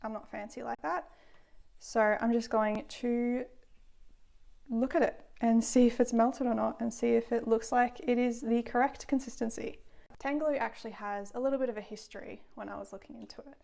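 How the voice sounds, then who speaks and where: A woman's voice: a little high, steady tone, normal speed, creaky, darkish tone. A woman chatting casually through a cooking vlog in her kitchen, self-deprecating and laughing often. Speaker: food vlogger. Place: home kitchen.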